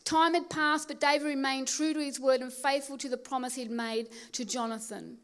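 A woman preaching a sermon, telling stories and slowing down to stress key phrases. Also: sits high, fairly even intonation, fairly bright tone. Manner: storytelling, emphatic preaching with slow stressed phrases. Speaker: pastor.

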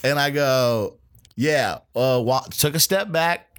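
A man's voice: mid-range voice, measured pace, clear, resonant tone. A man co-hosting a podcast, telling a work story in casual, profane chat and acting out the people in it. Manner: animated, profane, acts out quoted voices. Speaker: podcast co-host; restaurant line cook.

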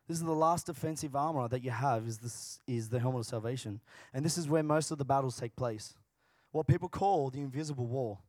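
A man preaching a sermon as pastor, moving between casual, joking asides and loud, passionate bursts. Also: mid-range voice, dry recording, studio quality. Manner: swings from quiet talk to loud, passionate preaching.

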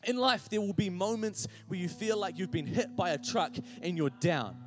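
A man's voice: high-pitched, lively intonation, moderate pace. A man preaching a sermon, personal and confessional, rising to impassioned pleading as he speaks to the congregation directly. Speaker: pastor.

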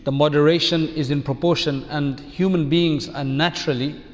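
A man giving a measured, reflective sermon as an Islamic preacher, using rhetorical questions. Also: on the high side, steady tone, big-room sound.

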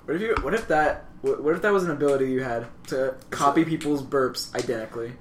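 A man's voice: mid-range voice, fast, slight background noise. A man from Canada co-hosting a podcast, joking sarcastically in casual chat with friends. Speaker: podcast co-host.

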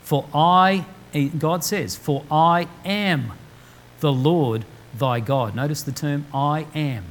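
Guy preaching in church, slightly high voice, draws out the bible quotes slow. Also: rough recording. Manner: emphatic, slow deliberate quoting of scripture. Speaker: pastor. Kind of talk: sermon.

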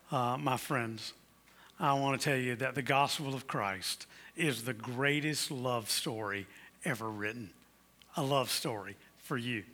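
A man's voice: mid-range voice, unhurried, bright, forceful tone. A man preaching a Christmas sermon, building to emphatic declarations and telling stories to his congregation. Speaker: pastor.

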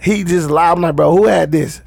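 A man's voice: a little high, moderate pace, vocal fry, a little mellow, dry recording. A man in casual chat, bluntly telling stories and re-enacting arguments. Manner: blunt storyteller, re-enacts arguments with his sons.

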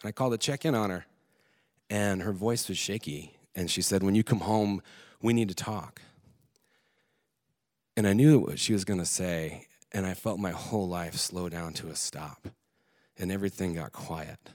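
Male storyteller, earnest and candid, slightly low voice, tells a personal story to an audience. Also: normal speed. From Alaska. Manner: candid, earnest, with casual swearing and restarts. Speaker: speaker telling a personal story on stage.

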